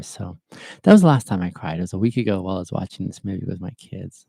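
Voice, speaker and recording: A man hosts a podcast in an earnest, rambling style, with lots of fillers as he tells a story. His voice sits very low and gravelly, with a husky, mellow tone. The recording is dry and close, with no room sound. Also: a little fast, dry recording. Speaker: podcast host. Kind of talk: casual chat.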